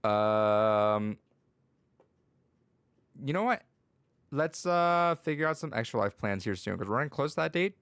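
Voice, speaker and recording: A man's voice: mid-range voice, expressive, unhurried, pauses often, a bit bright, clean tone, dry recording. A man hosting a casual podcast, telling rambling classroom stories as a teacher, laughing often and using many fillers. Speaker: podcast host and school teacher.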